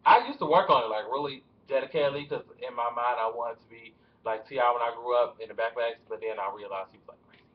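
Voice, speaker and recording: In a home room recorded with dull, lo-fi webcam audio, a young man talks fast about celebrity gossip for his casual vlog. His voice is medium-pitched, and he rambles with nervous laughter.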